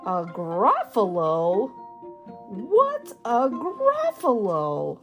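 A woman voicing a sly, hungry male fox in a storybook, coaxing and smooth. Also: mid-range voice, huge pitch swings, very slow, faint music behind, exaggerated voice. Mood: curious.

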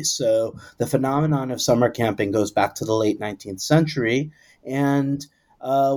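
A man in an interview, laying out historical background in a measured, thoughtful way with frequent pauses. His voice sits in a middle pitch with an ordinary delivery. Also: a little mellow. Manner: measured, hesitant with fillers. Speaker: expert guest. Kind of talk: explanatory interview answers.

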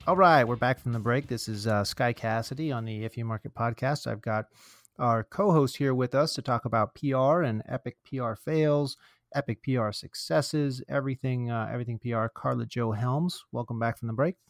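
A man hosting a marketing podcast in casual chat, tossing in quick jokes and asides. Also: medium pitch, dry recording, clean studio sound. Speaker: podcast host.

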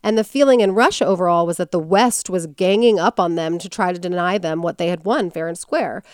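A woman's voice: on the low side, a little fast, a little mellow, clean tone, no room sound, studio quality. A woman hosting a podcast, telling a story in casual chat and acting out quotes in character voices.

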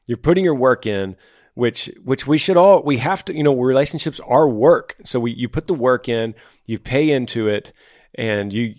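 A man's voice: mid-range voice, no room sound, clean studio sound. A man hosting a faith-based podcast, talking earnestly and telling stories to a listener. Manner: earnest, storytelling, reads listener messages aloud. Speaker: podcast host.

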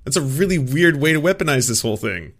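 A man's voice: a little high, animated, quick pace, vocal fry, a bit bright. Blunt, swearing man co-hosting. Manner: blunt, profane, incredulous. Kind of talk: casual chat.

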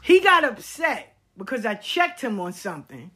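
A woman's voice: on the high side, very animated, normal speed, sharp tone, slightly rough. A middle-aged woman talking bluntly in a personal commentary vlog, swearing and repeating words for emphasis. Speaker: vlogger. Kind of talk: candid personal commentary monologue.

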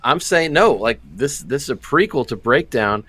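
A man co-hosting a movie podcast, trading crude jokes in a deadpan, casual way. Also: mid-range voice, normal speed, breathy edge, dry recording. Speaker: podcast co-host.

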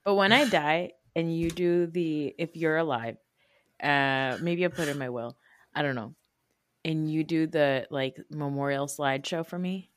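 A woman in her thirties co-hosting a podcast, chatty and quick to laugh as she tells stories. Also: deep voice, a little hiss or hum. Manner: chatty, laughs often, storytelling. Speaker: podcast co-host. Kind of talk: casual chat.

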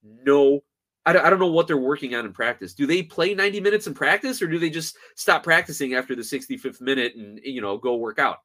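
A man's voice: high voice, sharp tone. A man hosting a sports podcast, ranting in a frustrated, sarcastic and emphatic way. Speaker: podcast host.

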